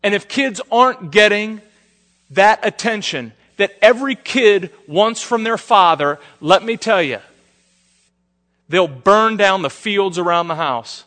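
A male preacher delivering a sermon as an animated storyteller who acts out the quotes. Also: high-pitched, a little slow, in a large hall.

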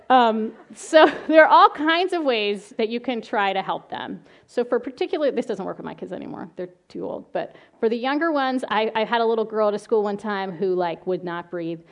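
A middle-aged woman giving a talk on calming angry children, telling lively stories from her own family and work, often laughing and acting out the children's voices. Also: medium pitch. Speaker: child behavior specialist giving a parenting talk. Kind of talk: presentation with slides.

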